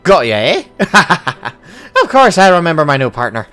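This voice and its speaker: A hearty, boastful dwarf who loves his ale, as a man puts him on, with a put-on Irish accent. The voice sits a bit high and swings lively up and down. Faint game music plays underneath. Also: normal speed, smooth. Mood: boisterous. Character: jovial hard-drinking male dwarf adventurer. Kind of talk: voicing game dialogue aloud.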